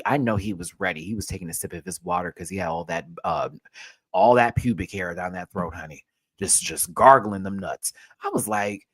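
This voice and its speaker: Man, casual recap rant, profane, very lively pitch, dry sound. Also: moderate pace, husky, dry recording. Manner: animated, profane, swings between loud outbursts and muttering. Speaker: show recap host.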